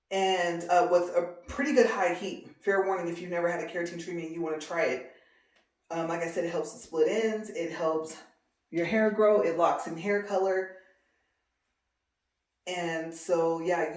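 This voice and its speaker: A woman chatting in a rambling, casual way about hair care for her vlog, with lots of fillers. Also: lowish voice. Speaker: beauty vlogger. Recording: roomy echo.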